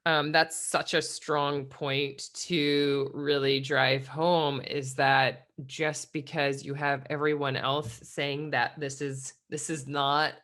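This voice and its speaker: A woman's voice: low-pitched, little pitch movement, slow pace, hardly any pauses, fairly bright tone. A woman hosting a podcast interview in casual chat, encouraging her guest and laughing along. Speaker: podcast host.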